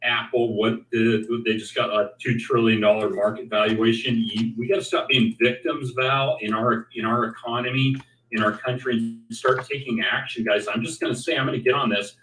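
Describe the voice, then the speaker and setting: A man bluntly urges listeners to take action, in a plain middle-pitched voice. The sound is roomy and comes from some distance off the mic. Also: steady tone, moderate pace, pushed and bright, a little hiss or hum. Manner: blunt, exhorting, motivational. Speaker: co-host. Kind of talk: casual discussion livestream.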